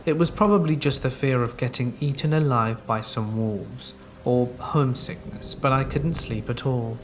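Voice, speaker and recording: A man narrating first-person horror stories in a calm, measured storytelling voice. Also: medium pitch, slight background noise. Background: steady rain sounds.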